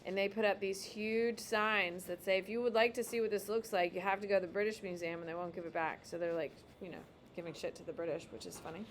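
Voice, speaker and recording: A woman teaches a class in a casual, emphatic way, her voice sitting at an ordinary middle pitch. She drops asides as she marks up a map. A faint background hiss from the classroom runs under her voice. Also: quick pace. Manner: casual, emphatic, talks while drawing on a map. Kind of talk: classroom lecture.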